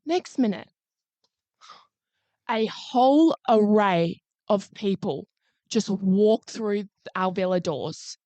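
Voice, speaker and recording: A woman's voice: mid-range voice, animated, slow pace, long pauses, warm tone, no echo. A young woman, co-hosting a podcast and recounting events in chatty, swearing casual talk. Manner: chatty storytelling, swears freely. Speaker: podcast co-host. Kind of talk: casual chat.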